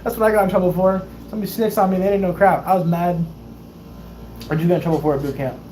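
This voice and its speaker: A man's voice: sits high, steady tone, very fast, a little mellow, a little hiss or hum, rough recording. A young man in his twenties, hosting a livestream and telling stories casually, laughing often and acting out the people he quotes. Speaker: livestream host, Navy sailor. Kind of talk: casual storytelling chat.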